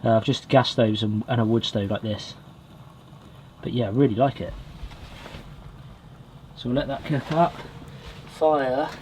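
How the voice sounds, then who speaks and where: A man from Britain vlogging from a small wood cabin with a stove, chatting in a relaxed way and talking straight to his viewers. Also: mid-range voice, noisy background. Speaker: outdoors vlogger. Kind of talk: casual vlog to camera.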